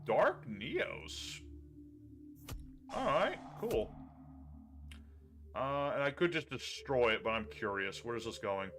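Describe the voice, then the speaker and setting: A man streaming himself playing a card game, chatting casually with viewers and thinking his moves through out loud. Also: medium pitch, sing-song, slow, pauses often, faint music behind. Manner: chatty, thinks aloud and talks to chat.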